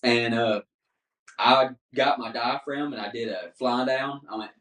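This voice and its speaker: A man's voice: mid-range voice, unhurried. A man, a podcast guest telling a story in casual chat and acting out the dialogue. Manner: animated storyteller, acts out dialogue. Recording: roomy, mic at a distance.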